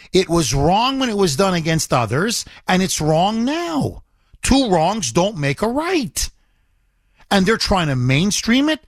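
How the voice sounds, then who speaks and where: A male talk radio host with a high voice that swings up and down a lot. He talks emphatically and indignantly, driving points home by repeating them. His voice sounds dry and close to the mic. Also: no echo.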